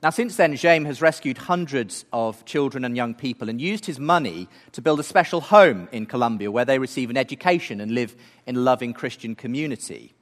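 A man's voice: medium pitch, lively intonation, a little fast, long reverb tail. A man giving an earnest talk, building his case through rhetorical questions. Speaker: speaker. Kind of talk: apologetics talk.

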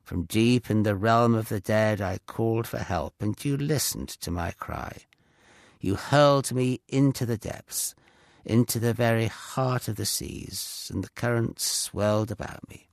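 A man's voice: on the low side, measured pace, gravelly, no echo, studio quality. A man voicing the prophet Jonah, speaking solemnly and earnestly in prayer. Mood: prayerful.

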